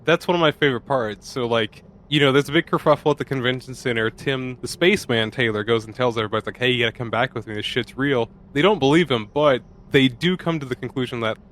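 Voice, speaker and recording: A man co-hosting a podcast, laughing easily and retelling movie scenes in a relaxed way. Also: mid-range voice, fast talker, hardly any pauses. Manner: laid-back, laughs often, retells scenes. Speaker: podcast co-host. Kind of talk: casual movie chat.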